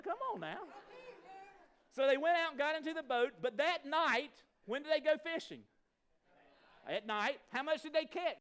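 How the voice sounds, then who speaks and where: A male pastor with a high voice delivers an animated sermon in a church. His pitch swings widely as he quizzes the congregation at a fast clip. He acts out the people in his story in a folksy way. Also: smooth. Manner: animated, talks fast, asks the congregation questions. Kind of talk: lively sermon. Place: church sanctuary.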